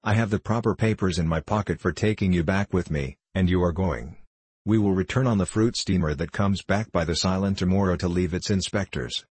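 A man reading the lines of a quiet, stern sheriff who speaks with calm authority. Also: low-pitched, a little fast, breathy edge, dry recording.

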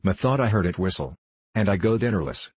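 A man's voice: low-pitched, animated, fairly quick, slightly rough, no room sound. A man reading the part of a breathless, grumbling outlaw messenger. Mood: hurried. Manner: panting and grumbling.

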